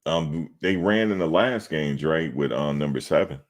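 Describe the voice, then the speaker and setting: A man with an exceptionally deep voice hosts a sports talk show. He banters loosely with viewers in the chat, mocking them and repeating lines for laughs. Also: normal speed. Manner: trash-talking, mocking, repeats himself for laughs. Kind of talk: casual chat responding to live chat.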